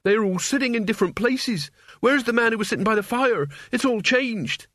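A man's voice: lively intonation, moderate pace, a bit bright, dry recording, clean studio sound, exaggerated voice. A man voicing a frightened young man whose voice trembles with urgency. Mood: panicked. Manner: trembling, urgent, rising to shrill.

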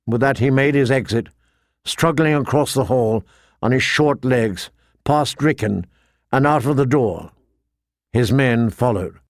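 A man narrating a fantasy novel in a measured, steady storytelling voice. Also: mid-range voice, no room sound, clean studio sound. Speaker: audiobook narrator.

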